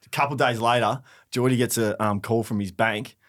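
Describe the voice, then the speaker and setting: A man's voice: mid-range voice, fairly even intonation, a little fast, a bit bright. An Australian man in his thirties telling a funny travel story on a podcast, acting out the quotes and laughing often. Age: 30s. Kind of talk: casual podcast chat.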